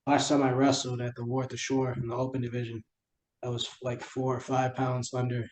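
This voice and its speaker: Mellow young New York man, easygoing. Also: medium pitch, monotone, brisk, slight background noise, rough recording. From New York City. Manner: easygoing, laughs often, searches for words. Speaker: podcast host. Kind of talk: casual chat.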